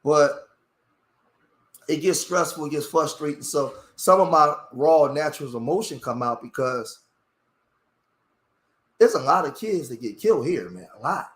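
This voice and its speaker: A man's voice: a little high, expressive, a little slow, pauses often, fairly bright tone. Impassioned man streaming in a roomy space. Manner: impassioned, rambling with restarts. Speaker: live streamer. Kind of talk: emotional live-stream talk. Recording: roomy echo.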